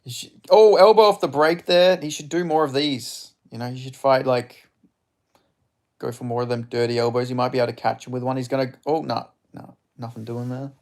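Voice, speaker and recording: A young man streams a live fight watch-along, chatting casually off the cuff in a gravelly, creaky voice of middling pitch. Speaking fairly quickly in a steady tone, he reacts to strikes, reads viewer chat aloud and swears bluntly and freely.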